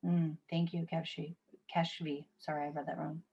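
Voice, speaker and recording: Hosting a live video-call session, this woman in her thirties, a workshop facilitator, speaks in a direct, conversational way and frequently reads out viewers' chat messages. Her voice is low, gravelly and level at a moderate pace, with lo-fi sound and slight background noise.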